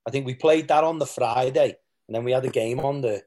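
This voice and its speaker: His medium-pitched voice is warm and a little quick. A former footballer from England, he shares candid anecdotes in an interview, wandering through them with restarts and frequent quotes of what people told him.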